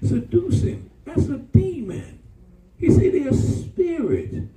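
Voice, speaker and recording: A man preaches a sermon in call-and-response style, his dark, mellow voice leaping from low rumbles into high, animated peaks. He is recorded from a distance in a roomy church. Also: slow pace, a little hiss or hum.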